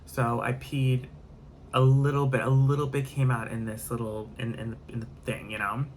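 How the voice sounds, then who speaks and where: A man recounting a story in a casual vlog, candid and rambling as he piles on the graphic details. His voice sits at an ordinary middle pitch, and a faint background noise runs underneath. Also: level tone, moderate pace.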